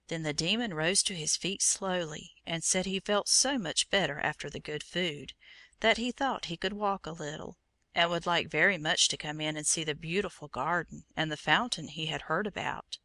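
Woman reading a storybook, crisp and dry. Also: lowish voice, pushed and bright, dry recording. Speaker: reader. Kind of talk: storybook narration.

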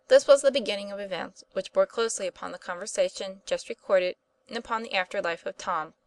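A woman reading an old-fashioned children's story aloud in steady narration. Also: mid-range voice, no echo. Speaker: audiobook reader. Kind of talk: scripted narration.

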